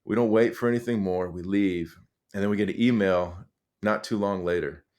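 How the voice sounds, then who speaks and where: A middle-aged man speaks as a guest on a podcast, earnest and animated as he tells his stories. He keeps doubling back with fillers and restarts. His voice sits a little low. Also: normal speed. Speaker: podcast guest, high school coach. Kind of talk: conversational storytelling.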